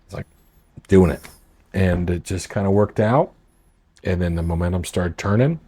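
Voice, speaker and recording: Deep husky guy rambling through a story, keeps doing everyone's lines. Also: moderate pace, dark tone. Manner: rambling, acts out quoted dialogue. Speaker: political candidate and marina owner. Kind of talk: casual storytelling. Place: at a marina boat club.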